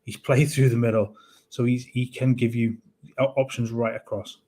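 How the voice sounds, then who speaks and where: A man talking through his football club's squad in a steady, level voice with little rise and fall. He is measured and thoughtful, often restarting his sentences as he works out a point. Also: mid-range voice. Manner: measured, hesitant with many restarts. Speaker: co-host of a football fan show. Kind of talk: casual football analysis.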